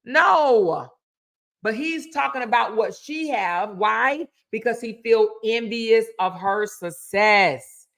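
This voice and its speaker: A woman talking in casual, sassy commentary, hammering points home by repeating them. Her voice is bright and fairly high. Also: slow pace, gravelly. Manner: emphatic, sassy, repeats for emphasis.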